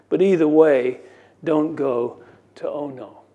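A man's voice: on the high side, takes it slowly, dark tone. A man preaching a sermon as pastor, earnest, with dry self-mocking asides.

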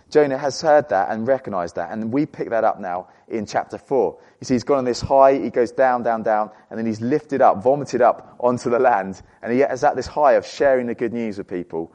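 A man preaching a sermon, earnest and animated, often repeating words as he goes. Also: medium pitch.

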